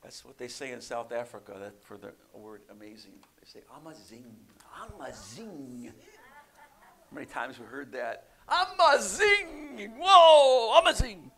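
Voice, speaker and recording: A man preaching a sermon, often asking his listeners questions and swinging between loud emphatic bursts and soft quiet lines. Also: medium pitch, fairly quick, hardly any pauses. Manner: animated, rising loud for emphasis then dropping soft; asks the congregation questions often.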